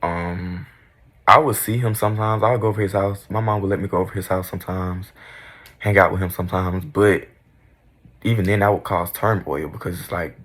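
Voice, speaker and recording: A man's voice: low voice, fairly even intonation, brisk, fairly bright tone, husky. A young man in casual storytime mode, candid, profane and dramatic about his own past. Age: young adult. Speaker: vlogger.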